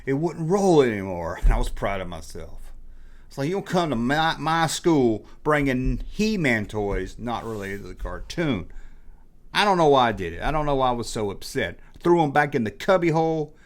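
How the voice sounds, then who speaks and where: A middle-aged man telling a rambling, self-mocking confessional story in a casual vlog, as the host of his channel. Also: mid-range voice. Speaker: toy collecting vlogger.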